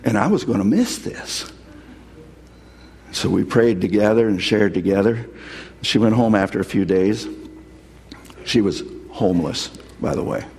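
A man's voice: lowish voice, vocal fry, a little mellow, long reverb tail, a little hiss or hum. A man preaching a sermon as a pastor, earnestly telling stories and quoting scripture. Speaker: pastor and hospital chaplain.

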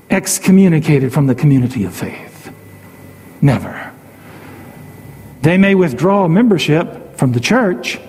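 High-voiced emphatic preacher in reverb. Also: male voice, darkish tone, breathy edge. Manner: emphatic, repeats key phrases, voice rises and falls widely. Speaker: pastor. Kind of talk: sermon.

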